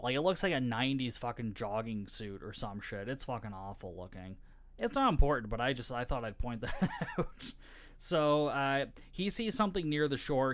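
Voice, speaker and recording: A man's voice: mid-range voice, a bit bright. Swearing, joking podcast host man. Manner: profane, joking, laughs often. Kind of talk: casual movie recap.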